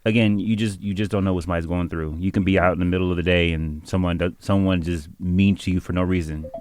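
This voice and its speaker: A man's voice: low voice, steady tone, quick pace, few pauses, a little mellow, faint music behind. A man co-hosting a podcast in casual chat, often checking in with his listeners. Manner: keeps asking "you know what I mean". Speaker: podcast co-host.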